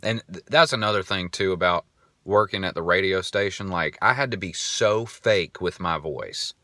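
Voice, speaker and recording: A man's voice: low voice, normal speed, pushed and bright, no echo, studio quality. A man in his twenties hosting a podcast, telling a rambling story in a casual monologue. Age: 20s. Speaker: podcast host.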